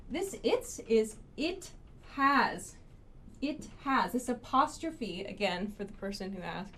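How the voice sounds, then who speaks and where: A woman teaching English phrases, speaking slowly and clearly and repeating each example with modeled intonation. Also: a little high, a little hiss or hum. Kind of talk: online English lesson.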